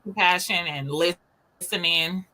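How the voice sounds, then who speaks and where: A woman co-hosting a casual live chat, relaxed and agreeable, often answering briefly. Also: on the low side, slow, low-quality recording. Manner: relaxed, agreeable, short replies. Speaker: co-host.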